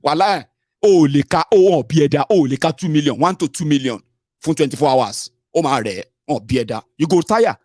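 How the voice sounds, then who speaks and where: A Nigerian man with a Yoruba accent hosting an online radio show, giving animated political commentary mixed with Pidgin. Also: fairly high pitch, fairly quick, dry recording, studio quality. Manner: animated, mixing Pidgin and Yoruba, stretching words for emphasis.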